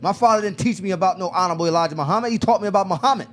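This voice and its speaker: A man's voice: high-pitched, rapid-fire, fairly bright tone, slight background noise. A man hosting a casual discussion, telling stories with lots of restarts and acting out quoted dialogue. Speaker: podcast host.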